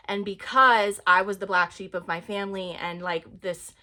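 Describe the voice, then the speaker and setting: A woman's voice: medium pitch, steady tone, moderate pace, bright, forceful tone. A young adult woman giving an earnest, rambling self-help talk to camera, with lots of fillers. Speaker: vlogger.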